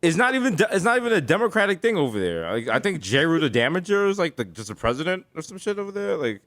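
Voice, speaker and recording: A man's voice: a little high, quick pace. A man in his thirties with a New York accent, a podcast co-host telling funny stories and slipping into put-on voices. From the Bronx, New York. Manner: animated, swings into put-on voices for bits. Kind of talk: casual comedic storytelling.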